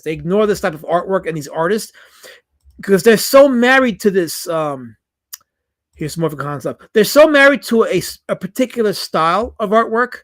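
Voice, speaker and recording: Chatty high-voiced man streaming. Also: fairly bright tone. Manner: chatty, reads chat comments aloud, wry asides. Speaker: streamer discussing comic art. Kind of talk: casual live-stream commentary.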